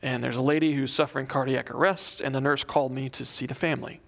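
A man's voice: medium pitch, steady tone, fast talker, creaky, fairly bright tone. A young adult man preaching a sermon, reading a prayer aloud and telling a story in an earnest, conversational way. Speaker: pastor.

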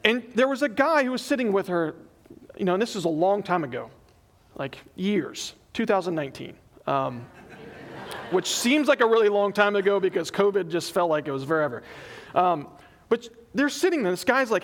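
A man's voice: high-pitched, moderate pace. A man preaching a sermon in church as pastor, acting out the people he quotes as he tells the story. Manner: animated, acts out quoted people in his retelling.

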